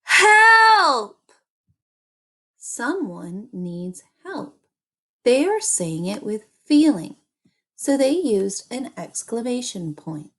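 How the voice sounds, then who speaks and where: A woman teaching an early-grade reading lesson, speaking slowly and deliberately and repeating little chants for children. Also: mid-range voice, big pitch swings, warm tone, breathy edge.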